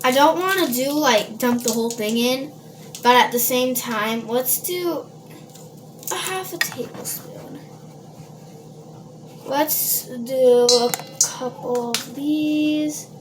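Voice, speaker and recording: Chatty high-voiced woman from Minnesota. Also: slow pace, background noise. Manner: chatty, rambling, filler-heavy, talks to viewers. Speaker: home baker vlogger. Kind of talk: casual baking vlog. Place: home kitchen. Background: dishes and cutlery clatter.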